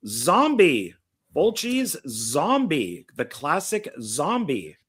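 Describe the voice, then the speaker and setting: Husky guy cohosting, quick dry comebacks, voice moves around a lot. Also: on the high side, huge pitch swings, a bit bright. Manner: brief dry interjections. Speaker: podcast co-host. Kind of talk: casual movie review chat.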